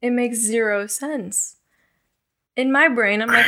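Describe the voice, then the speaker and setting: A woman's voice: fairly high pitch, takes it slowly, long pauses. Candid young woman telling her story. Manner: frank, profane, animated retelling. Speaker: guest.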